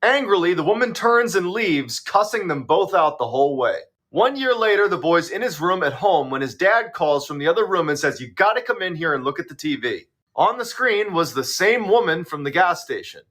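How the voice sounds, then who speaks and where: A man's voice: high-pitched, big pitch swings, moderate pace, a bit bright. A man narrating short scary stories in a scripted, dramatic storytelling style.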